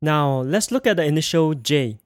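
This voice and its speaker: Guy teaching pronunciation, fairly high voice, very dry close sound, goes slow and repeats stuff. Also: animated. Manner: slow, careful, repeats sounds for students to echo. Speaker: language teacher. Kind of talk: pinyin pronunciation lesson.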